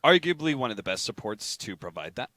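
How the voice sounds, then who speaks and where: A man casting a video game match, trading playful banter and quick analysis with a co-caster. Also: medium pitch, sing-song, bright, forceful tone, dry recording. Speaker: esports caster. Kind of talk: casual game commentary.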